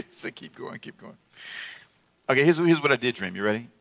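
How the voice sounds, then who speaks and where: A man preaching a sermon to a congregation, telling stories from his youth and calling out to the crowd, going from hushed musing to loud shouts. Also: medium pitch, lively intonation, normal speed, creaky. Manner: calls out to the congregation for responses.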